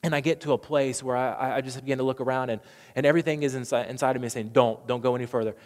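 A man preaching a sermon, telling a story earnestly and building up to forceful proclamations. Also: medium pitch, steady tone, rapid-fire, long reverb tail.

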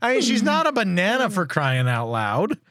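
Giggly, animated podcast co-host. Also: medium pitch, moderate pace, no echo, clean studio sound. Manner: giggly, animated storytelling, self-deprecating. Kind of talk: casual chat.

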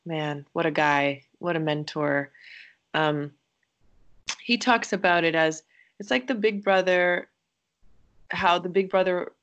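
A woman with a slightly low voice speaks as a podcast guest. She is gentle and reflective, and she often pauses and hesitates as she works out her thoughts. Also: highs cut off.

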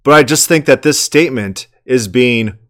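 A man's voice: medium pitch, normal speed, a bit bright. A man commenting on a sermon clip, emphatic and argumentative, asking rhetorical questions and often repeating words.

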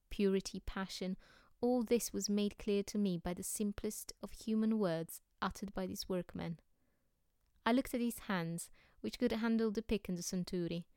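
Woman narrator, audiobook reading, measured and expressive, crisp clear tone, dry close sound. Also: mid-range voice, dry recording. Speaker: audiobook reader for a library. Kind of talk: scripted narration of a novel.

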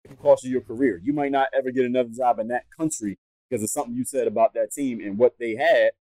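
A man's voice: mid-range voice, steady tone, fast, warm tone, rough recording. An American man hosting a podcast, giving blunt, emphatic advice and repeating his points. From United States. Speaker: podcast host.

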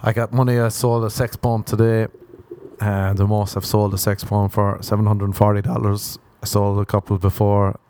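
A man's voice: on the low side, flat delivery, moderate pace, mellow. A young man hosting a solo comedy podcast, rambling through crude jokes and chuckling at his own lines. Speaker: podcast host.

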